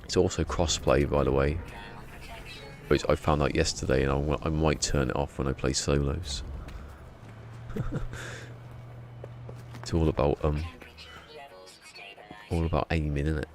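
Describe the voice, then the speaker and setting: A man's voice: rumbling low, fairly even intonation, unhurried, pauses often, a little mellow, faint music behind. A man streaming a game from home, chatting casually and rambling in a self-deprecating way. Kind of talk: casual live-stream chat.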